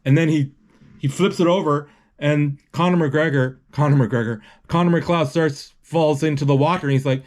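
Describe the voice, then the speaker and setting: A man retelling a movie live as he watches it, halting often and correcting himself as he goes. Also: fairly high pitch, darkish tone. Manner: halting, with many restarts and self-corrections. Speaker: movie recapper.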